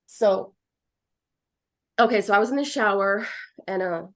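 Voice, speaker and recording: Rambling, animated woman medium. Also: medium pitch, a little slow. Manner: rambling, animated, acts out quotes. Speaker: psychic medium. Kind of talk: casual chat.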